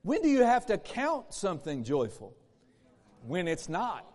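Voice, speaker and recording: A man's voice: high voice, wildly swooping pitch, unhurried, darkish tone. A man preaching a sermon in a church, emphatic and repetitive, acting out bursts of laughter. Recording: long hall reverb in a church.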